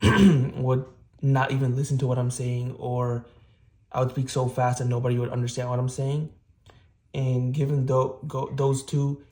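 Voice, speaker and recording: An earnest young man vlogging about self-improvement, rambling and restarting his sentences. His voice sits at an ordinary pitch for a man and stays flat, with little rise or fall. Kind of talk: casual self-improvement vlog.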